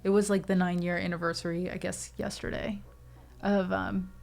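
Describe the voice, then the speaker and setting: A woman's voice: fairly low pitch, little pitch movement, normal speed, gravelly, a little mellow. A young woman hosting a casual livestream, chatting with viewers in a chatty, emotional way and thanking them often. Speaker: livestream host.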